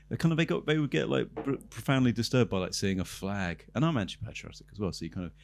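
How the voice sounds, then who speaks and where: A man's voice: on the low side, fast, vocal fry. A man co-hosting a comedy podcast, telling a rambling story with bursts of laughter. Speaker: podcast co-host.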